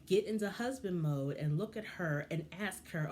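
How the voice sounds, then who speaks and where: Woman, low voice, opinionated vlog commentator, heated and frustrated, faint background hiss. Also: normal speed, few pauses, darkish tone. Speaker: vlogger reviewing a reality show. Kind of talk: casual commentary.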